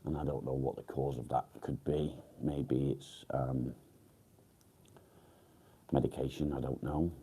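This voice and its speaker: Groggy, low-voiced man. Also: little pitch movement, unhurried, pauses often, dark tone, a little hiss or hum. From England. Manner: groggy, rambling, mumbled fillers and swearing. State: groggy, just woken up. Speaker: livestream host. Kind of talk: casual live-stream chat.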